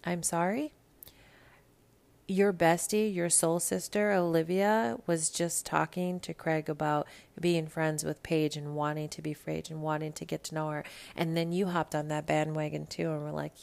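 Low gravelly-voiced woman recapping reality TV. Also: a little slow. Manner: blunt, gossipy, swears freely. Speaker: podcast host. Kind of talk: casual reality TV recap monologue.

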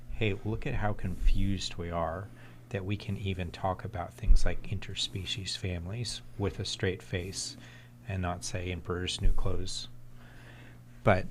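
A man's voice: sits low, slight background noise. A man co-hosting a church podcast, earnestly summing up the discussion. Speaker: podcast co-host.

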